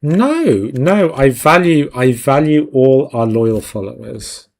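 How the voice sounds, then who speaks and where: A man's voice: medium pitch, lively intonation, slow, darkish tone. A man hosting a live stream, chatting casually and jokingly with viewers while he works, laughing often. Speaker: 3D art stream host.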